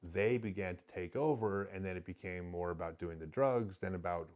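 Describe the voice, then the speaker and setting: Man, middle-aged, lowish voice, confessional, emotional, halting restarts. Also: a little mellow. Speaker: podcast guest. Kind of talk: candid storytelling in conversation.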